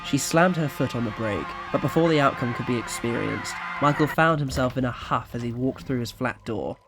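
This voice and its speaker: A man narrating an audio story in a quiet, even storytelling manner. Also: mid-range voice, fairly quick, music in the background.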